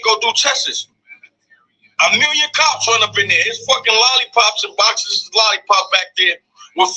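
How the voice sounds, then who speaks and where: High husky man, excitable profane storyteller. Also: poor audio. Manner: profane, excitable, acts out the dialogue. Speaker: storyteller in a clip. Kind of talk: animated retelling of a news story.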